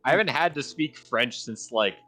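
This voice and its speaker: A man's voice: mid-range voice, lively intonation, normal speed, bright, forceful tone. A man from Canada chatting in a laid-back way with short replies as a co-player on a gaming stream. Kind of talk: casual gaming stream chat.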